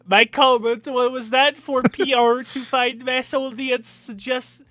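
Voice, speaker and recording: A man's voice: very high voice, little pitch movement, slow, bright, forceful tone, voice pushed up, exaggerated voice. A tipsy man putting on a bad mock New Zealand accent to parody a smug male filmmaker reading a tweet, stumbling over words. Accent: mock New Zealand accent, put on badly. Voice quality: stumbling, mocking parody delivery. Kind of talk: comedic impression on a podcast.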